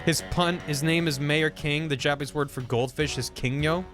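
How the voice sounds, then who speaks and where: A young man streaming a game, reacting in a goofy, excitable way. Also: on the high side, moderate pace, music in the background.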